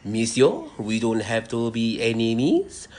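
A man voicing a scheming restaurant owner in a low, suave mock-French accent. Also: wildly swooping pitch, unhurried, noisy background.

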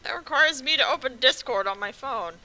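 Young woman, game streamer, very bright tone, slightly high voice, playful teasing chat. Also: animated, a little fast, poor audio. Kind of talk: casual chat while gaming.

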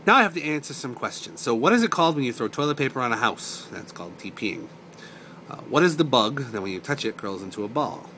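A man from north of Boston with a softened Boston accent, casually reading a word list and answering questions, adding short explanations to some of the words. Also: medium pitch, quick pace, slight background noise. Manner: relaxed, explains words as he reads them. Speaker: vlogger.

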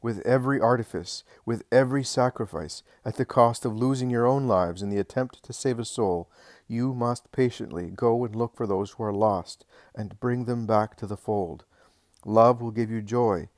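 A man reading the lines of Jesus as a calm, patient male teacher in a religious audiobook. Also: mid-range voice, no echo, clean studio sound, close to an everyday voice. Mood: gently instructive. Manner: measured, patient, reassuring.

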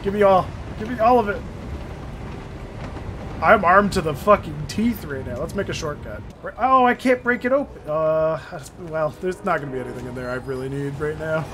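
A man giving casual let's-play commentary, excitable and jokey, swearing and laughing often. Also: on the high side, fairly quick, few pauses, a little hiss or hum. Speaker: gameplay streamer. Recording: faint game music behind.

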